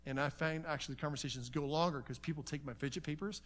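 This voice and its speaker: A slightly high-voiced man speaks quickly while leading a conference seminar like a conversation. He brings his stories to life by acting out exchanges and adds asides throughout.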